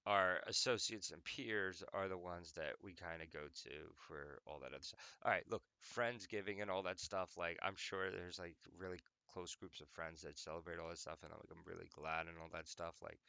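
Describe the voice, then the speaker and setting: A man's voice: low voice, fairly even intonation, moderate pace, creaky, bright, forceful tone, clean tone, no room sound. A young adult man hosting an audio podcast, talking casually in a rambling, profane, joking way. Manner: rambling, profane, jokey, many "like"s. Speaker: podcast host. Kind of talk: casual monologue.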